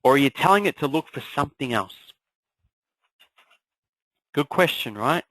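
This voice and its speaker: A man coaching an online class in an energetic motivational style, firing off rhetorical questions. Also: mid-range voice, normal speed, no room sound, low-quality recording. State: clearing a frog in his throat. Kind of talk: motivational live class talk.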